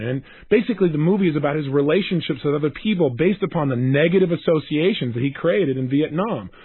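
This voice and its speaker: Animated, husky man giving a motivational talk. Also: fairly high pitch, no room sound. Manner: animated, asks the listener rhetorical questions. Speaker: self-help speaker. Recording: dry, tinny phone-like sound.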